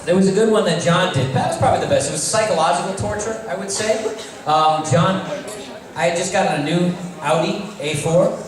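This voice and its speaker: A man's voice: high-pitched, a little fast. A man telling jokes and stories as a guest on a convention panel, filmed from the audience. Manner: joking, animated storytelling. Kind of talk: casual stage chat. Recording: echoey hall, fan camera far off, audience noise.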